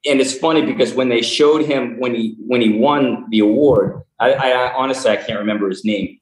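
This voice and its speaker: A man with a Boston accent chats as a guest in a relaxed interview. He talks in a halting way, full of ums and restarts, and slips in dry jokes. His voice sits at an ordinary pitch and carries a roomy echo. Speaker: guest, film set artist. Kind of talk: casual interview chat.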